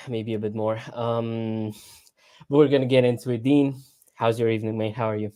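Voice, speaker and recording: A man's voice: mid-range voice, fairly even intonation, moderate pace, mellow, clean tone. A man co-hosting a casual football livestream, rambling and stammering with sarcastic asides. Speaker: livestream co-host. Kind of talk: casual football podcast chat. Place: home room, lives abroad.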